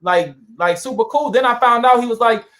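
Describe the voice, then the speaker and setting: A man from Saint Louis, a guest in a casual interview, telling animated anecdotes with lots of fillers. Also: very high-pitched, fairly quick. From Saint Louis, USA. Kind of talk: casual storytelling chat.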